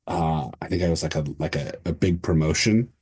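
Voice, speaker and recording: A man's voice: extremely low pitch, fairly quick, darkish tone, husky. A man running a tabletop role-play as game master, describing scenes loosely with many fillers.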